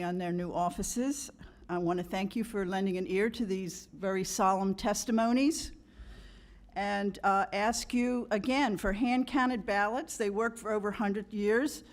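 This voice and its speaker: A woman reading a prepared public comment to a county board in an earnest, formal manner. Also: on the high side. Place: county commission chamber.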